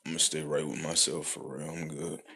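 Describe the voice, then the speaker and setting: A man rambling on a casual livestream, profane and slangy, laughing often and swinging between loud outbursts and low mumbles. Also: steady tone, normal speed, very noisy.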